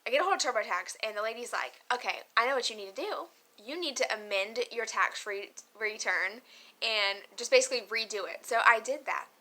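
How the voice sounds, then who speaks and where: Young female vlogger, casual and emotional, bright, slightly high voice, lots of fillers and laughs. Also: brisk. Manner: chatty, emotional, laughs often, many fillers. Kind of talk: casual chat to camera.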